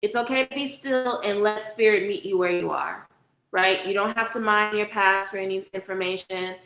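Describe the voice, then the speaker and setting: Woman doing a live stream tarot reading, chatty and blunt, bright tone, echoey room. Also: medium pitch, moderate pace. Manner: chatty and direct, swears casually. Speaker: spiritual reader and livestream host. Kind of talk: casual livestream talk with tarot reading.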